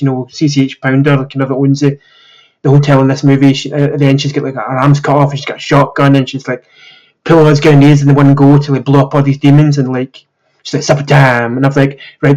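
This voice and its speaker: A slightly hoarse man hosting a podcast, chatting casually and rambling with many filler words. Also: medium pitch, poor audio. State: slightly hoarse, recovering from illness. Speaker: podcast host. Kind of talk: casual chat.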